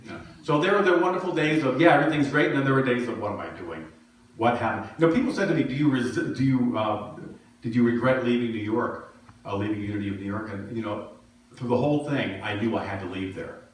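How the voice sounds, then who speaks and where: A man's voice: medium pitch, fast talker. A middle-aged male minister giving a sermon in a conversational, storytelling way with self-deprecating humor. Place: church sanctuary. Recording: echoey hall from far off.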